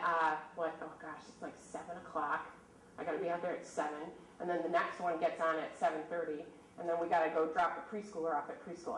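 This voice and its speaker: A woman in her thirties, a birding presenter telling stories and quizzing a live audience in a lively way. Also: medium pitch. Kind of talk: storytelling talk to a live audience. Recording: echoey room from a distant mic, faint noise.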